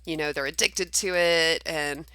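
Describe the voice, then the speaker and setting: Woman doing a bragging game witch: bright, forceful, sly. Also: low-pitched, fairly even intonation, measured pace, clear, resonant tone, dry recording. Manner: bragging, then sharp and accusing. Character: boastful scheming adult woman witch. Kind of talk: acting out game characters.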